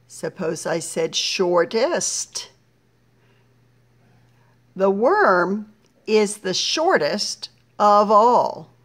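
Woman teacher, middle-aged, slightly low voice, very slow and patient, splitting children's words into syllables. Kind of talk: slow phonics lesson for young children.

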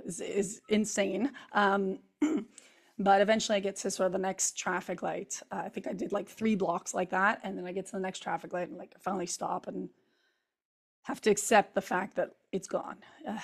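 A woman talks straight to her viewers in a hoarse voice, her vocal cords worn from screaming. Her tone has a gravelly, creaky edge, neither high nor low. She tells her story in an animated rush of run-on clauses and fillers. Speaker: spiritual vlogger. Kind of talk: casual storytelling to camera.

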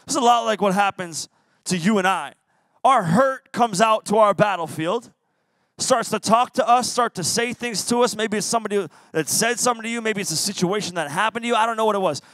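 High-voiced young man preaching to youth. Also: fairly quick, fairly bright tone, dry recording. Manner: playful, acts out voices and quotes. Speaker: youth pastor. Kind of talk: youth sermon. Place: church youth service.

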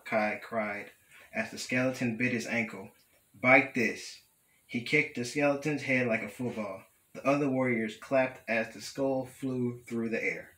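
A young male student reading a children's picture book aloud at a steady, careful pace. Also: mid-range voice, echoey room, rough recording. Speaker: student storyteller.

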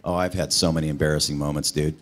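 Deep male voice actor fielding fan questions on a convention panel, loose and jokey. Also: steady tone, fast talker. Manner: joking, self-deprecating, laughs often. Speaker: guest voice actor.

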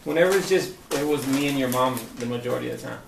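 A man's voice: medium pitch, fast talker, vocal fry. A man vlogging, chatting casually over a meal and rambling as he repeats himself. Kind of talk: casual mukbang chat. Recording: distant echoey noisy recording.

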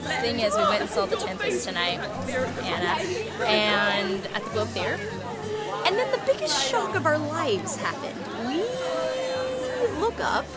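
A young woman chatting excitedly in a casual travel vlog, filmed on a handheld camera outdoors in busy city streets. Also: on the high side, measured pace, loud music behind the voice. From United States. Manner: excitable, gushing, giggly fan chatter. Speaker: travel vlogger. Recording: loud outdoor crowd and street noise.

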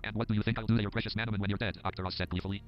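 A synthesized male voice reading game text in a flat, monotone way, on a dull, lo-fi recording. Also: on the low side, rapid-fire, soft background music. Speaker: screen reader.

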